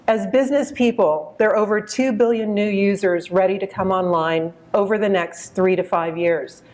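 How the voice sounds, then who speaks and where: A woman's voice: medium pitch, darkish tone. Woman in her fifties giving a keynote. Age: 50s. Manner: measured, storytelling, addresses audience directly. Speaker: keynote speaker. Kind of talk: conference keynote.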